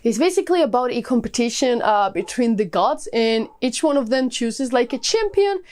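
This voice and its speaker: A woman with a slightly high voice talks through her favorite books in a casual vlog. She gushes with enthusiasm and scatters "like" and "uh" all through her sentences. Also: animated, moderate pace, darkish tone. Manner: gushing, enthusiastic, many fillers like "like". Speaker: book reviewer. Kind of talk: casual book review vlog.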